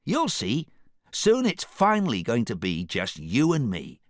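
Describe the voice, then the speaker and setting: A man's voice: medium pitch, huge pitch swings, a little slow, dry recording, clean studio sound, voice pushed up. A man voicing a male ogre who turns nervous and stammers when flustered. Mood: reassuring.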